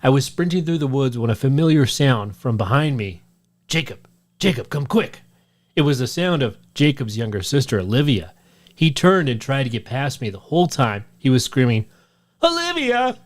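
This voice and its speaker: Male podcast co-host, mid-pitched, steady storytelling read of a listener tale. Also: a little fast. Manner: steady storytelling read, shouts out the quoted lines. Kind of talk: reading a listener story aloud.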